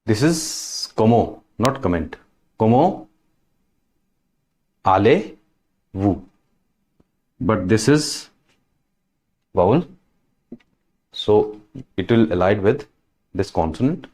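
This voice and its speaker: A man teaching French greetings, slowly saying each word twice and explaining it in plain, patient English. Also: on the low side, expressive, a little mellow. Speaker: language teacher. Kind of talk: French lesson, repeating words.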